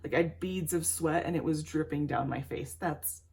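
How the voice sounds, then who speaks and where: Low, gravelly-voiced woman telling a story. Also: steady tone, moderate pace, a little mellow. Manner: rambling, candid storytelling while doing makeup. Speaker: beauty vlogger. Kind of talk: chatty get-ready-with-me storytelling.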